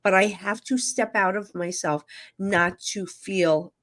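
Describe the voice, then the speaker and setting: With a mid-range voice and a measured pace, this woman tells heartfelt stories openly. She's a middle-aged New Jersey psychic medium chatting casually as a guest, her storytelling candid, emotional and sprinkled with fillers.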